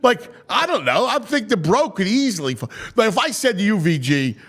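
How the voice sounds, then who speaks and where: A man hosting a sports talk show, telling stories in an excitable way, his voice climbing high when he gets worked up. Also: normal speed, slightly rough. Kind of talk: animated podcast chat.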